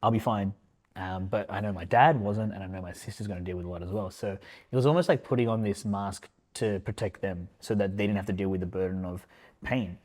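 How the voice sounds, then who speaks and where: Low-voiced man, reflective podcast guest. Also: darkish tone. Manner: reflective, halting, heavy use of fillers like "man" and "like". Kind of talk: casual emotional conversation.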